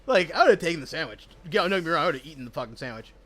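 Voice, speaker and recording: A man's voice: on the high side, expressive, very fast, a bit bright. Young man ranting profanely with slang. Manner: profane, rambling storytelling with slangy asides. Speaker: gaming streamer. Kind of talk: casual chat while gaming.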